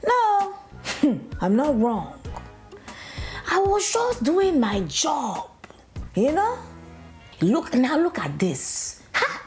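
A woman voices an indignant female news anchor with a Nigerian accent in a comedy parody. The voice sits high and swings wildly, dragged out slowly as she rants, begs and hisses insults. Faint music plays behind. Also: wildly swooping pitch, a little mellow, exaggerated voice. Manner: exasperated ranting, swings to pleading and whispered insults.

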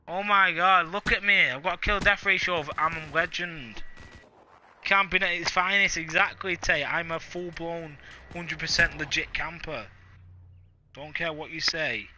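A man live-streaming a game, bragging and joking at a fast clip. His voice sits a touch high and comes out sharp and strained, with a faint hiss of noise underneath. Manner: boastful, hyped, jokey trash talk. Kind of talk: live gaming stream banter.

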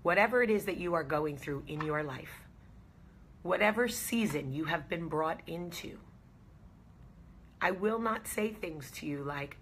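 A woman's voice: lowish voice, fairly bright tone, slight background noise. A woman hosting a casual talk to camera, speaking in an earnest, reassuring way and repeating key phrases for emphasis. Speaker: host.

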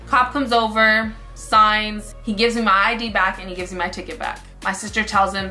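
A young woman vlogger retelling a recent story, animated and acting out each quote. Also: mid-range voice, normal speed, hardly any pauses, faint music behind. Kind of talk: storytime vlog.

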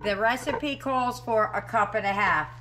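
Against a noisy background, a middle-aged woman speaks at a measured pace in a slightly high voice. She's hosting a home cooking video from her kitchen, chatting and thinking aloud while she cooks.

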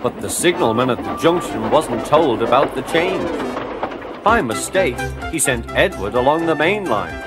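Male storybook narrator, lively, varied pitch, music underneath. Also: unhurried. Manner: gentle, expressive storytelling. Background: background music.

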